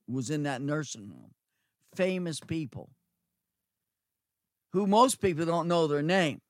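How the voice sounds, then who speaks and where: A middle-aged man preaching a sermon, slowly repeating phrases for emphasis and swinging between loud and quiet. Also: on the high side, dry recording, studio quality. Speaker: preacher, former nursing home chaplain.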